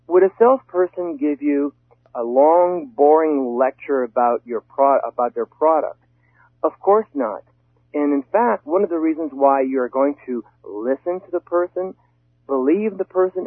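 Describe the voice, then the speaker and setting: A man giving emphatic, animated advice about website copy in a casual conversation, often repeating words to stress a point. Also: fairly high pitch, husky, no echo. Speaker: guest expert on web copywriting. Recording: tinny phone line, dry.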